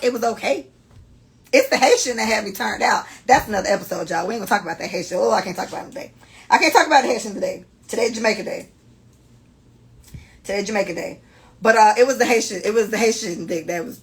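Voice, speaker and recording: A young woman in her twenties hosting a podcast, telling stories in a blunt, profane, animated way. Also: medium pitch, gravelly, rough recording. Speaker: podcast host. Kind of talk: casual storytelling podcast.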